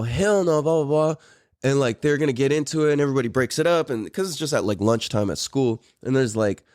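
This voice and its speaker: A middle-aged man from Mira Mesa, San Diego, hosts a podcast and tells a story in a relaxed, profane way, laughing often. His mid-range voice is captured in studio quality with no echo, and the talk is a casual storytelling chat.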